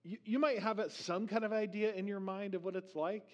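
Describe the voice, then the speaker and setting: Animated male pastor preaching a sermon. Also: high-pitched. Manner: slows down for scripture readings, animated when acting out questions.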